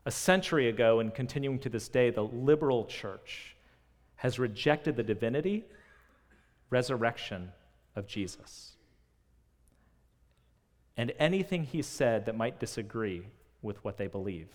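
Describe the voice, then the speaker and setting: A man's voice: mid-range voice, lively intonation, a little slow, long pauses. Earnest male preacher, mid-range voice, dynamic delivery, recorded in an echoing hall. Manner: earnest, rhetorical questions, dynamic swings in loudness. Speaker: pastor. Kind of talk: sermon. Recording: long reverb of a large hall.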